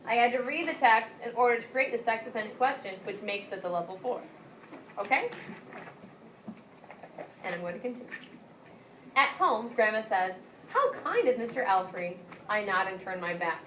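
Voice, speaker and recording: A woman teaching a class and reading a children's story aloud, voicing the characters with lively lifts. She is picked up from across an echoey classroom, with a faint hum of room noise behind her. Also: medium pitch, normal speed, pauses often, far from the mic. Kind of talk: classroom lesson with read-aloud.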